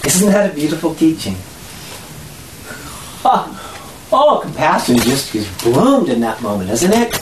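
Lively spiritual teacher leading a group lesson, laughs a lot, acts out voices, roomy echo, steady hiss behind. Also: mid-range voice, a little slow, long pauses.

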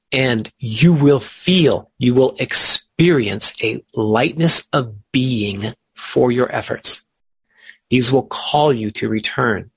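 Gravelly-voiced male study teacher, earnest, stretches key words, husky tone. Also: mid-range voice, fairly bright tone.

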